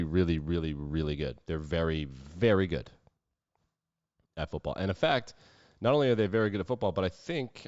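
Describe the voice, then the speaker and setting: A man's voice: deep voice, darkish tone, no echo, muffled recording. A man hosting a podcast, giving opinionated, brash sports betting picks in casual chat and swearing freely. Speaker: podcast host.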